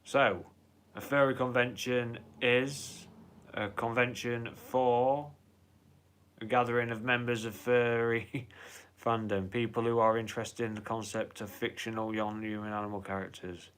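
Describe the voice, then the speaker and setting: A man's voice: medium pitch, level tone, unhurried, fairly bright tone, clean tone. A man hosting a casual live stream, chatting in a rambling way, swearing freely and reading out viewer comments.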